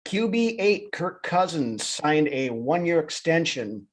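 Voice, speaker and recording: A man's voice: fairly high pitch, sing-song, takes it slowly. A man co-hosting a live sports talk show, chatting casually with lots of fillers and restarts. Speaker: podcast co-host.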